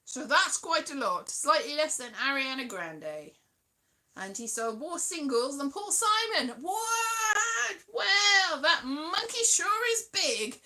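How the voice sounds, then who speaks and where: A woman's voice: sits high, very animated, slow pace, sharp tone. A British woman in her forties, hosting a livestream and telling rambling, chatty stories to her viewers. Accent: British English. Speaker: livestream host. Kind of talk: casual chat with live viewers.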